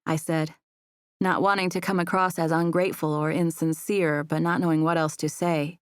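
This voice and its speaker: A woman reads a first-person audiobook in an even, gentle way. Her voice is on the low side, and the booth sound is dry and close. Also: moderate pace, clear, resonant tone, no echo. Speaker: audiobook narrator. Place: recording booth.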